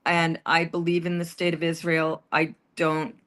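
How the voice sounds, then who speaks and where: A woman's voice: sits low, monotone, unhurried, fairly bright tone. A woman chatting casually on a livestream, rambling and hesitant with many restarts. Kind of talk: casual chat.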